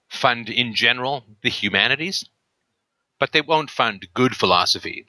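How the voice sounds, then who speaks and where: A man with a strikingly bright, forceful voice that sits fairly low in pitch, hosting a call-in show. He argues emphatically, tags points with rhetorical questions and fills pauses with ums and uhs. The sound is dry and close. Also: dry recording. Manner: emphatic, with rhetorical tag questions and frequent fillers. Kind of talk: casual argumentative talk on a call-in show.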